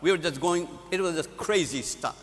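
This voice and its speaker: A middle-aged man preaching at a conference, telling a story in an animated way. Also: on the high side, moderate pace. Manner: animated storyteller, laughs at his own story. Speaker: conference speaker. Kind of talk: storytelling sermon. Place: large conference hall. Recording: echoey hall.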